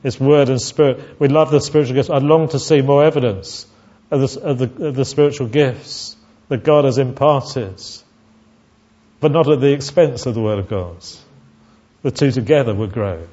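An earnest man preaching a sermon, pitched at a middling level for a man. He falters and repeats words as he speaks. The recording sounds dull and lo-fi. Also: normal speed, dark tone.

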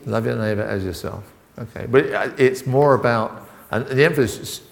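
A middle-aged man preaching an informal sermon, halting and full of restarts and asides as he talks with the congregation. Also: medium pitch, creaky. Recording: long reverb in a hall.

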